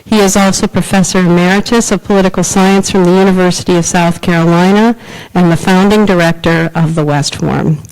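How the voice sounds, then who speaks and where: A woman's voice: fairly low pitch, fairly even intonation, fairly quick, a little mellow, low-quality recording. A woman hosting a forum, reading a formal prepared introduction of the speaker. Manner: formal, reads from prepared remarks. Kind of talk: scripted introduction.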